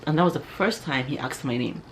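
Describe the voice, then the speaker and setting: A young adult woman vlogger telling a personal story in an animated, chatty way, peppered with "like" and "yo.". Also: low-pitched, fast talker, slight background noise. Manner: animated, chatty, heavy use of "like" and "yo". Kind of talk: casual storytelling to camera.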